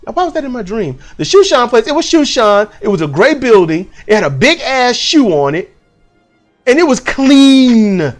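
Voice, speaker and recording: A man casually recounting a dream, profane and animated, acting out the people in it. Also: sits high. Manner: profane, animated, acts out voices. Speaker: channel host. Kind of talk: casual storytelling.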